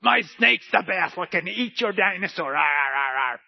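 A man doing a squeaky, boastful kid voice with playful growls, on a dull lo-fi recording. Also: expressive, normal speed, gravelly, slightly rough, exaggerated voice. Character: boastful young kid proud of a clay snake. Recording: dull lo-fi sound.

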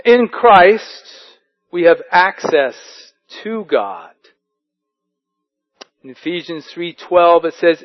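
A male pastor preaching, his voice sitting a bit above the usual male range. He moves between slow scripture readings and lively storytelling. The recording sounds muffled and lo-fi. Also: sits high. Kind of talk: sermon.

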